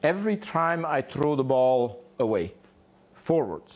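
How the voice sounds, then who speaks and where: In a home garage, a male dog trainer explains puppy play in an instructional way, posing rhetorical questions and answering them himself. His mid-range voice swings widely in pitch, and he takes his time.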